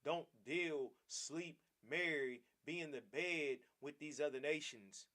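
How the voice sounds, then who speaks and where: A man's voice: a little high, slow pace, pushed and bright. A man teaching a Bible class in a preaching style, emphatic and repetitive, often calling his listeners "man".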